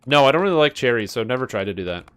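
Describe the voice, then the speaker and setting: A man's voice: medium pitch, big pitch swings, rapid-fire, fairly bright tone, smooth. A man streaming live, chatting casually with viewers and playfully stumbling through tongue twisters. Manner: playful, reads tongue twisters aloud, stumbles and laughs at himself.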